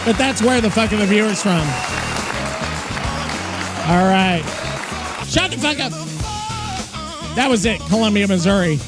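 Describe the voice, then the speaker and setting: A man's voice: high voice, normal speed, pauses often, over a noisy crowd. A man hosting a podcast, weary and rambling, cursing often in casual chat. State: tired. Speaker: podcast host. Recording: music playing behind the voice.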